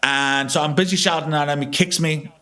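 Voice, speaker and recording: A man's voice: fairly high pitch, steady tone, brisk, pushed and bright. A man, a filmmaker guest on a podcast, telling a long casual anecdote full of swearing and restarts.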